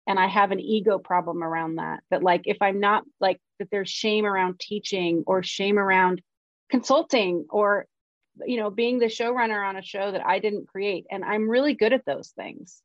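A woman's voice: medium pitch, moderate pace, no room sound. Frank, swearing woman in a dull recording. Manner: frank, swears freely, self-deprecating. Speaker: screenwriter. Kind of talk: candid personal storytelling in conversation.

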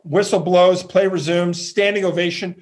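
A man from Canada, a professional fan entertainer, telling animated stories in an interview, acting out quotes and laughing often. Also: high-pitched, moderate pace.

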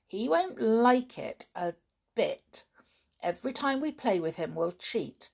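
A woman's voice: on the high side, big pitch swings, takes it slowly, creaky, darkish tone, pitched above the performer's own voice, exaggerated voice. A woman voicing a young boy laying out a plan to his friends in a bossy, plotting way. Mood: scheming.

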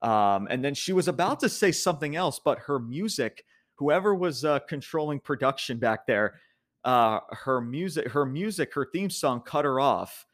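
A man's voice: medium pitch, animated, moderate pace, fairly bright tone. A young man casually recapping a wrestling show as a podcast host, rambling with many restarts and frequent laughs.

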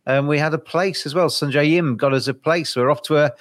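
A man with an English accent hosting a golf betting podcast, relaxed and joking as he reads out odds. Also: fairly high pitch, brisk. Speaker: podcast host. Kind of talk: casual podcast chat.

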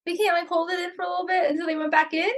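A woman's voice: very high-pitched, flat delivery, racing. A woman co-hosting a podcast, reacting with short quips and wry asides in a casual chat. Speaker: podcast co-host.

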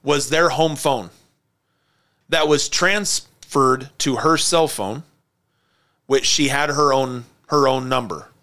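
A man hosts a podcast and tells a story in loose, casual chat. His voice sounds bright and forward, and he tells it in an animated way, laughing often. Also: mid-range voice, slow pace. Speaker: podcast host.

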